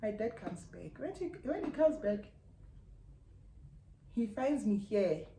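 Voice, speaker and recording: A young South African YouTuber with a South African English accent tells a personal story in a lively vlog, speaking slowly in a mid-range voice. She's animated and slangy, acting out her relatives' lines. The room sounds echoey, with a faint hum in the background.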